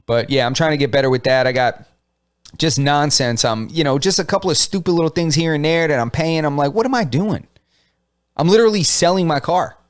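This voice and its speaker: A man's voice: fairly high pitch, a little fast. A young adult man co-hosting a casual podcast chat, mocking himself with exclamations and frequent laughs. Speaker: podcast co-host.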